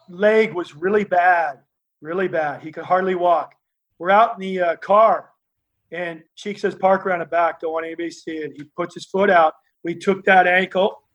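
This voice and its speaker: A man telling lively stories as a guest, acting out the other people in his tales. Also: high-pitched, low-quality recording. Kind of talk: animated anecdotal storytelling.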